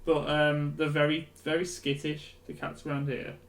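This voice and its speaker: A man's voice: fairly high pitch, monotone, moderate pace, vocal fry. A man streaming while he draws, chatting casually and rambling with lots of fillers. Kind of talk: casual chat while drawing.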